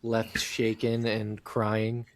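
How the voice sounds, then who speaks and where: A man's voice: fairly low pitch, monotone, drawn-out words, creaky, no room sound, clean studio sound. A man co-hosting a casual podcast, running through recap notes in a matter-of-fact way with frequent ums. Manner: matter-of-fact, listing events with filler ums. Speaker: podcast co-host.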